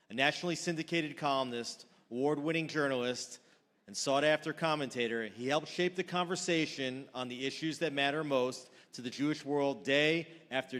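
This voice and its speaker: A man's voice: mid-range voice, a bit bright. Formal man emceeing in a big hall. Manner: formal, measured, promotional. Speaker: event host introducing a speaker. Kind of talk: scripted introduction. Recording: long reverb of a large hall.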